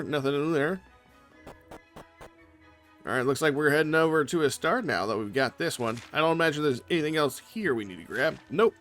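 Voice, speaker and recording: A man's voice: mid-range voice, fairly bright tone. A man giving casual gameplay commentary as a let's play host, chatty and thinking aloud. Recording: faint game music behind.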